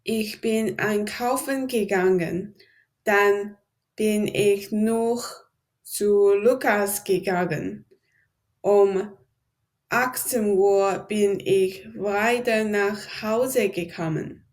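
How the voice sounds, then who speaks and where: A woman's voice: mid-range voice, extremely slow, a little mellow. A woman practicing German in a lesson, carefully repeating words after the teacher. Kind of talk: language lesson.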